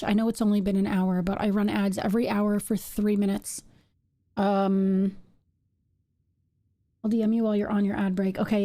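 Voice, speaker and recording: A young woman streaming a game live, chatting playfully with viewers and reacting loudly with shrieks and giggles. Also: medium pitch.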